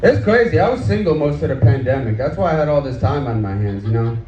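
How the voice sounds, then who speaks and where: A man's voice: fairly high pitch, expressive, fast talker, dark tone. A male stand-up comedian doing an outdoor set, chatty and crude, trading questions with the crowd. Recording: echoey, distant, dull sound with faint background noise.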